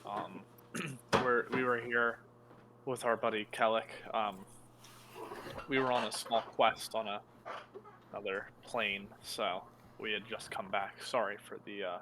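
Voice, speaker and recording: A man's voice: on the low side, little pitch movement, unhurried, long pauses, background noise. A man talking casually and joking as a player in a tabletop game. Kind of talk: casual in-character tabletop play.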